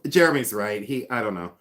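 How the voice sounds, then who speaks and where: A man in his fifties runs a casual livestream chat, playfully teasing viewers by name and poking fun at himself, even humming and scatting tunes. His voice is fairly low and a little bright.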